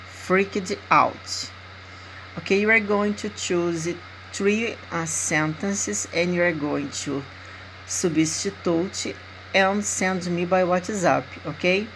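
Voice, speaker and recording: Slow Brazilian woman teaching English. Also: fairly low pitch, a bit bright, slight background noise, poor audio. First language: Portuguese. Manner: slow, deliberate, checks in with frequent 'okay?'. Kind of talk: recorded language lesson.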